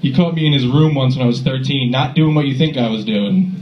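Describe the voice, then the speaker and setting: A man doing a crude, animated stand-up set in a comedy club, recorded on a phone from the audience. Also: medium pitch, brisk, roomy sound, dull audio. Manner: crude, animated storytelling with acted-out voices. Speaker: stand-up comic.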